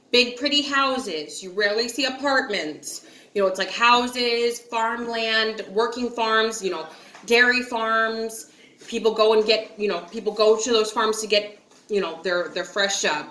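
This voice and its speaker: A woman's voice: on the high side, pushed and bright, echoey room. A woman from upstate New York telling a story to her viewers in a chatty, giggly way, acting out quotes and filling with likes and ums. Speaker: vlogger. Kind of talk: casual storytelling to camera.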